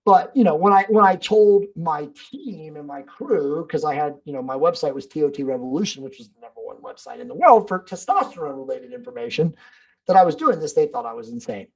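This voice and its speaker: A man speaking as a podcast guest in casual interview talk. He is emphatic and blunt, swears freely and tosses in "bro" and "dude". His delivery stays forceful and direct. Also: a little high, lively intonation, fairly quick, creaky, poor audio.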